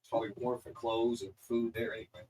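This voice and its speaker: A man's voice: mid-range voice, level tone, fast, a little mellow, a little hiss or hum, rough recording. A young man playing at a tabletop game, talking casually and swearing now and then. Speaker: player.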